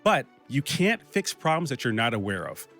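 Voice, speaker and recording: A man's voice: mid-range voice, very animated, moderate pace, fairly bright tone, faint music behind. A man hosting a business podcast, delivering a direct, practical scripted monologue with the odd light joke. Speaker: podcast host and business consultant.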